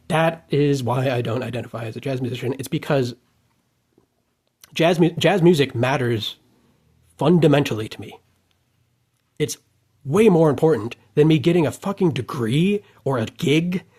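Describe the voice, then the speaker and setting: Husky man ranting with heated profanity. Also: a little high, animated, normal speed. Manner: heated, profane and emphatic, swinging into shouted outbursts. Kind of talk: unscripted monologue rant.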